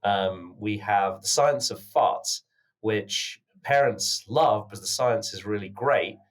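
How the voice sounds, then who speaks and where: A man with a British accent, from the United Kingdom, talking as a podcast guest in an earnest, measured way with many filler words. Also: lowish voice. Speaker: podcast guest, company founder. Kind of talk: conversational interview answers.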